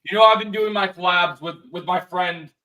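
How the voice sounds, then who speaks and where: A man's voice: sits high, fairly even intonation, normal speed, bright, forceful tone, recorded from a distance, rough recording. A young man hosting a livestream in casual chat, rambling with frequent restarts and repeats. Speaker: livestream host.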